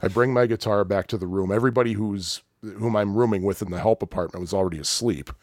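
A man's voice: fairly low pitch, fast talker, no room sound. A man telling a long story in casual chat, rambling, laughing often and acting out what people said. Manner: rambling and animated, with frequent laughs and acted-out quotes.

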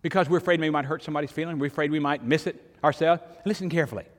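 A man's voice: a little high, steady tone, rapid-fire, big-room sound. An older man, preaching a sermon in a conversational storytelling way, with sudden emphatic rises. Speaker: pastor.

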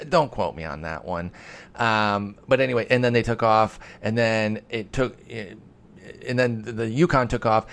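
Rambling, self-mocking man, low voice. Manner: rambling, self-deprecating, mock-heated sarcasm. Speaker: podcast host answering listener questions. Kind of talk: casual solo podcast talk.

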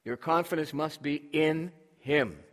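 A man's voice: a little high, unhurried, fairly bright tone. A man preaching a sermon with emphasis, drawing responses from his congregation. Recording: long hall reverb.

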